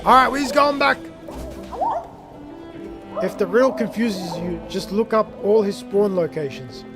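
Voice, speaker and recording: A young man streaming a game, chatting casually and rambling, often getting worked up and loud. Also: high voice, expressive, a little slow. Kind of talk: casual livestream gaming chat. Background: game music.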